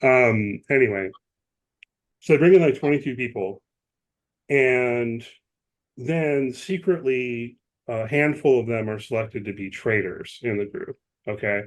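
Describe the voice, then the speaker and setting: A man's voice: medium pitch, unhurried. A man co-hosting a podcast, explaining at length in casual chat, with many asides and restarts. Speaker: podcast co-host.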